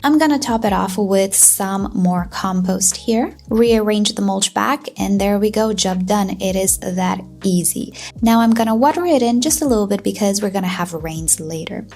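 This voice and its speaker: A woman talks through her garden in a relaxed vlog, chatty and enthusiastic with a self-deprecating streak. Her voice is soft and mellow. She is recorded outdoors on a camera mic. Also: medium pitch, moderate pace. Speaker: gardening channel host. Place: outdoor garden, windy day.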